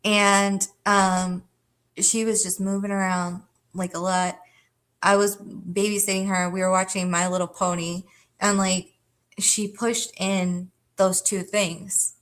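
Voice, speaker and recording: Speaking slowly with little pitch movement, a woman with a medium, slightly bright voice hosts a livestream. She tells her chat a rambling personal story, talking casually and profanely with lots of fillers and frequent laughs.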